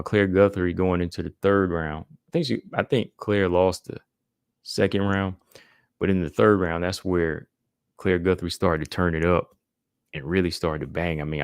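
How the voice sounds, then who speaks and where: Low gravelly man recapping fights casually. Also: no room sound, clean studio sound. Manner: laid-back, fills with "man" and "you know". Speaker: podcast host.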